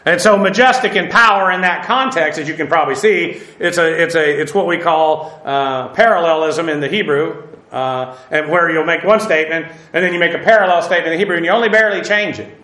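Male Bible teacher, classroom lecture, bright voice, lots of fillers, roomy echo. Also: fairly high pitch, fairly quick, hardly any pauses. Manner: thinking aloud with fillers, corrects himself.

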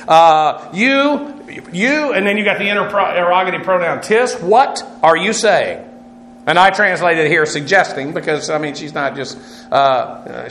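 A man's voice: on the high side, sharp tone. A man teaching a Bible lesson, walking through Greek words, spelling them out letter by letter with frequent filler sounds. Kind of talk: Greek word-study lecture. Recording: echoey room with faint noise.

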